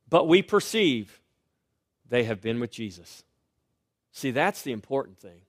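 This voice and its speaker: A middle-aged male pastor preaching a sermon, swinging between loud rising lines and quiet, hushed refrains. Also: medium pitch, big pitch swings, a little slow, long pauses, no echo, clean studio sound.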